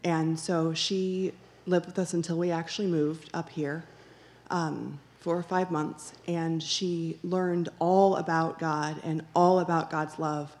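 A woman with a fairly low voice tells a personal faith story in earnest, unhurried testimony style. She acts out the dialogue as she goes and leans on repeated phrases for emphasis, with fillers and restarts along the way. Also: flat delivery, darkish tone. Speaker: church member sharing a testimony.

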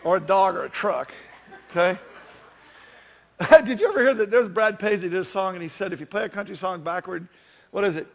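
A man's voice: high-pitched, fairly quick, gravelly, pauses often. A man in his fifties preaching a sermon in a chatty, self-deprecating way, telling stories with animation. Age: 50s.

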